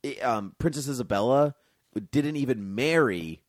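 A man hosting a casual chat, reading aloud from a history book with jokey, animated asides. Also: mid-range voice, normal speed, no echo, studio quality. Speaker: podcast host.

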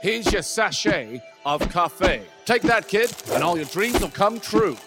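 A man voicing a sleazy, fast-talking male salesman in an improvised comedy, with a pushy, sing-song sales patter. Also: high voice, expressive, fairly bright tone, soft background music. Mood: slick, pushy.

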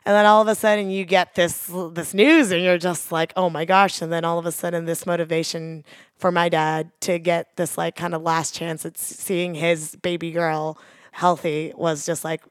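A woman's voice: fairly low pitch, level tone, normal speed, clean tone, no echo, clean studio sound. A woman, earnestly telling a personal story in a chatty way, full of "like". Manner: chatty, heavy use of "like", earnest.

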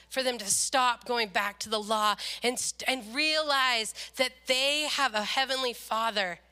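A middle-aged woman preaching a sermon, telling a personal story in an animated, expressive way. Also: a little high.

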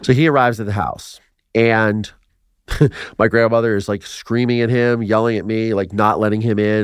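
A man in his forties from Ohio, telling his life story as a podcast guest in an animated way, acting out quotes and laughing between lines. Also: on the low side, moderate pace, clear, resonant tone, dry recording, clean studio sound. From Ohio, USA.

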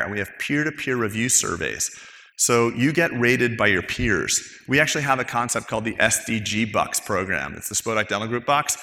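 A man's voice: medium pitch, bright, forceful tone. A man speaking casually on a panel as a dental practice owner, telling stories and acting out coworkers' quotes with animation. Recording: long hall reverb.

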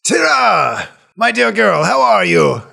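A man's voice: high voice, sing-song, slow pace, vocal fry, sharp tone, pitched above the performer's own voice, heavily acted. A man voicing a fussy, jovial male healer who gushes, exclaims and repeats himself. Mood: fussing. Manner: gushing, exclaiming, repeats words.

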